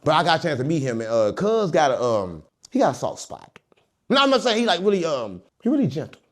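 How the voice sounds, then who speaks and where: A man's voice: on the high side, fast talker. A man telling a story as an interview guest, joking and mimicking the people in it. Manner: animated, joking, mimics others. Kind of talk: casual storytelling.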